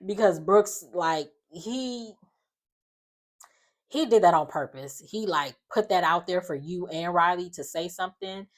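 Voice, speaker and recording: A woman's voice: on the low side, unhurried. Sassy woman recapping reality TV. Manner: animated, sassy storytelling with slangy asides and laughter. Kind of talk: casual reality show recap.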